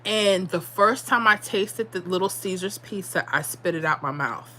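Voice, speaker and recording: A woman's voice: mid-range voice, moderate pace, sharp tone. A woman in her forties from the South Bronx with a New York accent, chatting casually on her livestream, sassy and laughing often. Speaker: livestream host. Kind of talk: casual livestream chat reading comments.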